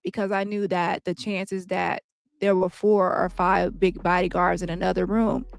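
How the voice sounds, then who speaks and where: A woman's voice: on the low side, little pitch movement, creaky, dry recording. A woman reading a shaken male trial witness. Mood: recounting. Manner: plain, halting recounting.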